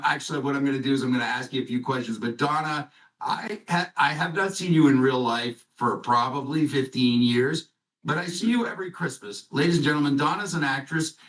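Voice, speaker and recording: A man hosts a call in a loose, rambling way, cracking jokes and drifting through anecdotes. His voice sits at an ordinary pitch for a man. He sounds set back from the microphone. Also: fairly bright tone, far from the mic, poor audio. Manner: rambling, joking storyteller. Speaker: host of a company call. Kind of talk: casual conference call chat.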